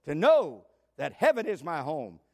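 An older man preaching a sermon, swinging between loud emphatic exclamations and soft asides. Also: fairly high pitch, big pitch swings, a little slow. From United States.

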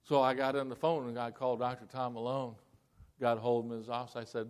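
A man who is a pastor, telling a story in a sermon in a folksy, animated way and acting out the dialogue, heard in a church. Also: medium pitch, fast talker, smooth. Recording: echoey hall with long reverb.

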